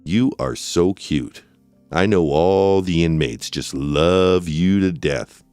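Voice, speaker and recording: A man voicing a weary, patient judge who speaks calmly and deadpan, in a dramatic reading of a trial transcript. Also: slow, smooth, no room sound, soft background music. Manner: calm, deadpan, low-key.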